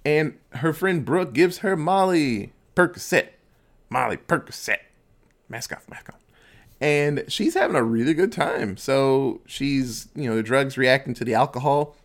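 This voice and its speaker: A man casually retelling a horror film plot, cursing freely, dropping in asides and quick impressions of the characters. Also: medium pitch. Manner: crude, profanity-laced storytelling with quick asides. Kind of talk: casual movie recap.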